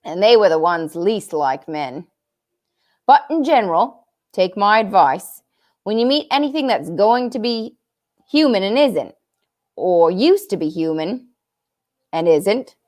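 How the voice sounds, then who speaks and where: A woman voicing an earnest, kindly male talking beaver in a storybook, with a folksy drawl that creeps into his speech. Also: fairly low pitch. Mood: warning.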